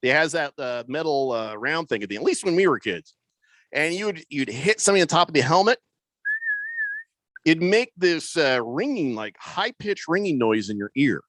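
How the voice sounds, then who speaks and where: Lively middle-aged sports radio host. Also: male voice, on the high side, normal speed, slight background noise. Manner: chatty, wry, lots of fillers. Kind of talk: casual radio banter, reading listener texts. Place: radio studio. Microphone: studio microphone.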